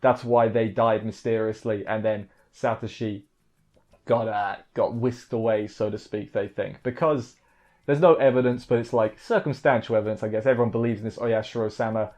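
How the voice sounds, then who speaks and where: A man's voice: on the low side, fairly even intonation, normal speed, darkish tone. A man casually reviewing an anime episode, rambling off the cuff and correcting himself as he goes.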